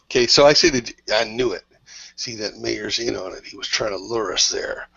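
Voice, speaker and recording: A man's voice: lowish voice, normal speed, creaky, pushed and bright, slightly rough, dry recording, muffled recording. A man playing a tabletop game in character, talking bluntly and tough. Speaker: player.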